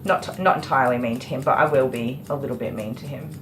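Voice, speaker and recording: A woman's voice: a bass voice, fast, background noise. A woman who is a dog groomer, chatting casually on a livestream while she works and answering viewers by name. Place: grooming salon, indoors.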